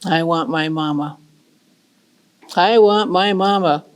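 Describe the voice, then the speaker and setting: A woman's voice: on the low side, slow, smooth. Woman voicing a plaintive toddler girl in a told tale, whining and lonely. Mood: lonesome. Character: lonesome little girl, about three.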